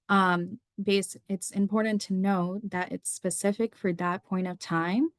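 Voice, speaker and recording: A woman's voice: mid-range voice, dry recording, clean studio sound. A young woman, a psychiatry resident, teaching medical students through a slide lecture, running through lists of questions in an explanatory way. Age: young adult.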